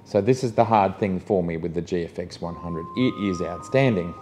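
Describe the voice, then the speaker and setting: A man's voice: low voice, a little fast, mellow, soft background music. A man, a photographer talking through cameras in a casual review vlog, enthusiastic and full of rhetorical questions to his viewers.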